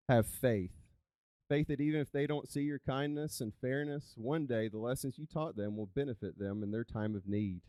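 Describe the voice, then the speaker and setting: A man telling a live story on stage as a coach, animated and conversational. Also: mid-range voice, no room sound. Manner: animated, conversational, chatty with "like" fillers. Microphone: handheld microphone.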